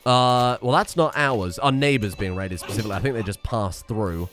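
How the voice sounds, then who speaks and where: A man's voice: fairly low pitch, moderate pace, fairly bright tone, soft background music. A man giving casual commentary while playing a strategy game, thinking aloud and adding wry asides. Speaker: let's play streamer.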